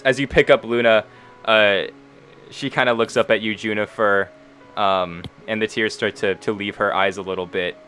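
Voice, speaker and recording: A man narrating a tabletop role-playing game as game master, relaxed with frequent fillers. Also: lowish voice.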